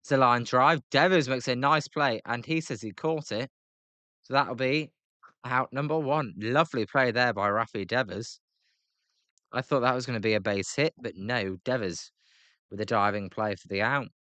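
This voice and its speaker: A British man giving live play-by-play reaction to a baseball game, chatty with fillers between pitches and excited calls on big plays. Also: normal speed, no room sound. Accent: British English. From Britain.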